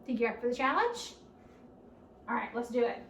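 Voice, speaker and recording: A woman leading a children's storytime at a library, speaking slowly and encouragingly and asking the children questions as she goes. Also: a little high, sing-song, fairly bright tone. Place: library room. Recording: roomy, distant camera audio.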